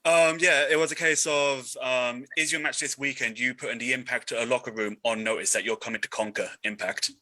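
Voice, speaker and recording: A man asking an interview question, halting and full of ums. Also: medium pitch, fairly even intonation, bright, forceful tone, no echo, low-quality recording. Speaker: podcast journalist.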